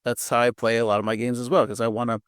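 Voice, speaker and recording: A man's voice: medium pitch, little pitch movement, very fast, no echo. A man co-hosts a podcast in loose, joking chat, padding his talk with fillers. The dry, close sound has no room around it. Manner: joking, rambling, lots of fillers. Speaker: podcast co-host.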